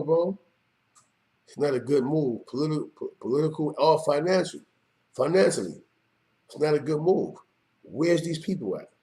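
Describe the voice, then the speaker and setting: A middle-aged man holds forth in an unscripted monologue, streetwise and emphatic. His voice sits a little higher than most men's. He keeps checking in with the listener as he talks. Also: mellow. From New York. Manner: streetwise, emphatic, repeats "you know what I mean". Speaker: show host.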